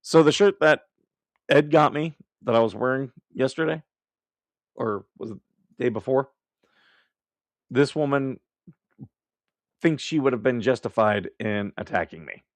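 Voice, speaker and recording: Male streamer host, blunt and foul-mouthed, mid pitch, dry close sound. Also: a little slow, long pauses, dry recording. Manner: blunt, profane and combative; laughs at his own remarks. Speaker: livestream host. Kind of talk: casual live commentary.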